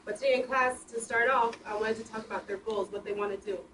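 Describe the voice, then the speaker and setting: A woman in her twenties, a high school teacher, speaking earnestly and with emotion from the audience. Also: fairly even intonation, fast. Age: 20s. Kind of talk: audience comment at panel. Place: community bookstore room. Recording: echoey room, distant mic, noticeable noise.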